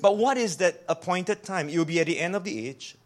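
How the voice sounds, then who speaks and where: A man with a notably high-pitched voice preaches an animated sermon. He presses his points with rhetorical questions and often repeats a word as he restarts a sentence. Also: a little fast. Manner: repeats words when restarting.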